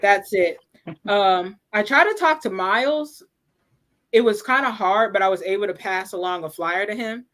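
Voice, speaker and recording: A woman's voice: mid-range voice, normal speed, fairly bright tone. A woman guest on a video call, chatting casually with many fillers. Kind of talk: casual chat.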